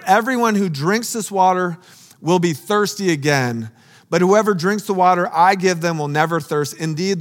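A man preaching a sermon, speaking slowly and earnestly with emphatic, dramatic pauses. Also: high voice, in a large hall.

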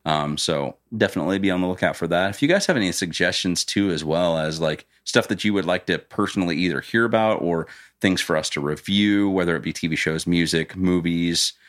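A man's voice: low-pitched, fairly quick. A young man from Illinois co-hosting a podcast, talking casually and rambling with lots of fillers. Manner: rambling, relaxed, filler-heavy. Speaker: podcast co-host. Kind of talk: casual chat.

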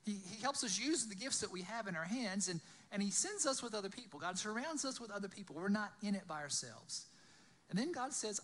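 Animated, bright-voiced male preacher. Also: high-pitched, a little fast. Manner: animated, acts out the scripture voices and keeps asking "right?". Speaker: pastor. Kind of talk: sermon.

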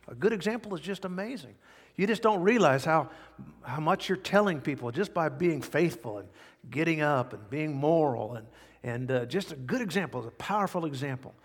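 A male pastor preaching a sermon emphatically, swinging between loud high bursts and quiet low asides. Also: slightly rough, long reverb tail. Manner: emphatic preaching with sudden swings in pitch and volume. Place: church sanctuary.

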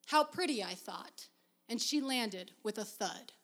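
A woman reading a first-person story aloud in a measured, expressive way. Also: medium pitch, heavy background noise. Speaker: reader.

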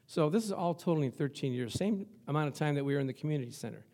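With a fairly high-pitched voice and rapid-fire delivery, an older pastor preaches to his congregation. He tells stories conversationally and with humor, keeping the sermon lively.

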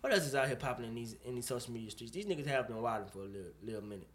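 A man co-hosting a casual chat show, talking in an animated, profane way and pressing his point with rising emphasis. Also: medium pitch, rapid-fire, husky. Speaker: podcast co-host.

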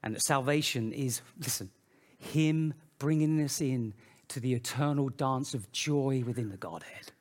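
A man preaching a sermon in an animated way, swinging between loud, emphatic phrases and quiet, low asides. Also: measured pace, slight background noise. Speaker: pastor.

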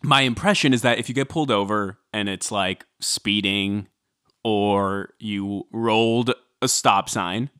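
A man co-hosting a podcast, chiming in with quick, joking comments in casual chat. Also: on the low side, bright, forceful tone, clean tone, dry recording, studio quality. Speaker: podcast co-host.

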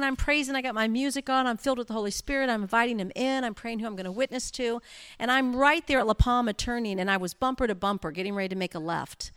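Woman church leader chatting to her group, kinda high voice, dry close sound, acts out her stories. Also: smooth, no room sound. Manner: animated storytelling, acts out her own inner voice. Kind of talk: informal teaching talk to a church group.

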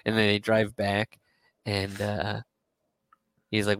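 A man co-hosting a casual podcast, retelling a story in a rambling way, full of fillers and quick quoted asides. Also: lowish voice, flat delivery, gravelly, fairly bright tone, clean tone, dry recording, low-quality recording. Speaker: podcast co-host.

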